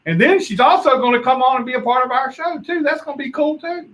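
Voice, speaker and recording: A man's voice: very high voice, lively intonation, quick pace, a bit bright, rough recording. A man hosting a talk show, chatting casually and joking. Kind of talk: casual chat.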